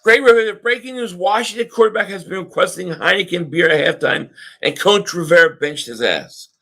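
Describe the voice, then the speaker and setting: A man hosting a live sports reaction stream, ranting excitably and often shouting at the game. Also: high-pitched, a little fast, vocal fry. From Philadelphia area.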